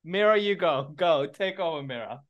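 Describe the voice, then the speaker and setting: A man hosting a podcast, running a playful improv game and giving quick directions to his guests. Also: on the high side, animated, dull audio, a crowd in the background. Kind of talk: casual banter with guests.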